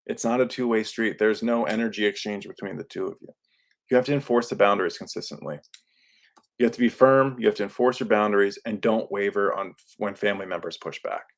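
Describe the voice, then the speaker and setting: A man's voice: on the low side, steady tone, fast. A man hosting a podcast, talking earnestly in a casual, coaching way into a microphone, with many fillers. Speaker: podcast host. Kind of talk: solo podcast talk. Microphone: studio microphone.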